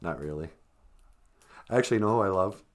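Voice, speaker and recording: A man's voice: low voice, brisk. A man hosting a comic live-stream podcast, teaching language phrases in a joking, self-mocking way. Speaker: podcast host teaching Ojibwe.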